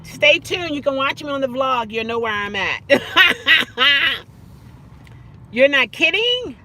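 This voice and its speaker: A woman chatting casually with live viewers from her car, animated and quick to exclaim and laugh. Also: high voice. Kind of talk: casual live-stream chat.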